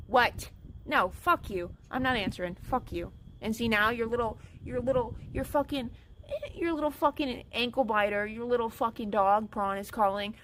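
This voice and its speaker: A woman's voice: on the high side, moderate pace, fairly bright tone, a little hiss or hum, low-quality recording. A woman streamer in an angry, upset rant, swearing and repeating herself.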